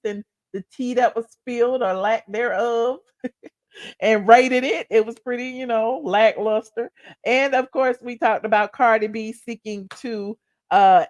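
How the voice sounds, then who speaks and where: A woman's voice: fairly high pitch, no room sound. A woman with a Southern accent, wrapping up her livestream in a chatty, drawling way, calling viewers child and honey. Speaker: livestream host. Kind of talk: casual livestream wrap-up.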